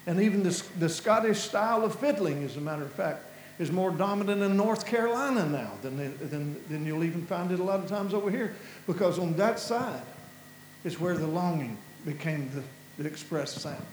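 A man with a Kentucky Appalachian accent preaches in a high, lifting voice, full of feeling and prone to halting restarts. The sound is roomy and echoing, with a faint hum underneath. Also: expressive. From Kentucky, USA. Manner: impassioned, halting, repeats words and restarts, voice rises with feeling. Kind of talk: passionate sermon-style talk.

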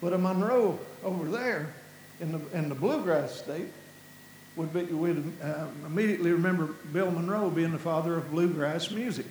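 A man's voice: a little high, moderate pace, darkish tone, reverberant, slight background noise, rough recording. A man from Kentucky with an Appalachian accent, giving an impassioned sermon-style talk, repeating words and restarting as his voice rises with feeling. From Kentucky, USA.

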